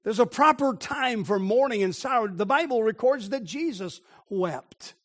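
Man preaching a sermon, high voice, dramatic storyteller, slows way down to hit a point. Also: expressive. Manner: dramatic storytelling, slowing and dropping low for emphasis.

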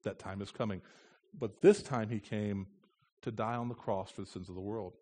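A U.S. missionary preaching in church speaks with a fairly low, darkish voice, a steady tone and a moderate pace. His conversational sermon is earnest and plain, with a few light moments of humor.

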